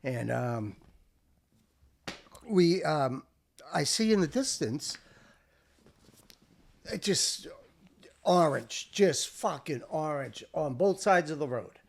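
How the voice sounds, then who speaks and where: An older American man, a veteran, telling a war story in casual chat, swearing freely and acting out what people shouted. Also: a little high, takes it slowly, gravelly, pauses often. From United States. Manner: animated, swearing, acts out shouted quotes. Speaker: veteran guest.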